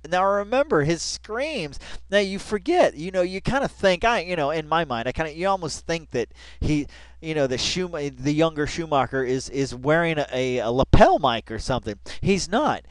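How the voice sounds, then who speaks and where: A man hosting a casual reaction video at home on a headset mic, excitable and laughing, tossing "dude" into nearly every line. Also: on the high side, normal speed, no room sound. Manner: excitable, says "dude" constantly, breaks into laughter.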